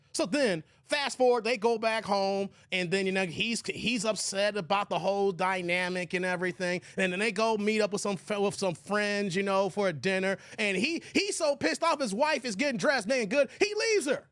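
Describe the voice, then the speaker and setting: A man hosting a live stream in a casual commentary style, reading out viewer chat and reacting loudly. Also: high-pitched, moderate pace, hardly any pauses, no room sound. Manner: animated, exclamatory, reads viewer chat aloud.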